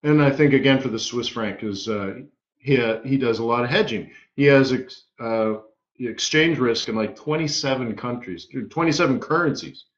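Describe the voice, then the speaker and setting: A man hosting a live trading webinar, telling stories in an energetic, emphatic way with punchy repeated phrases. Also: medium pitch, moderate pace. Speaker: forex market strategist hosting a live webinar. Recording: roomy, slightly dull webinar audio.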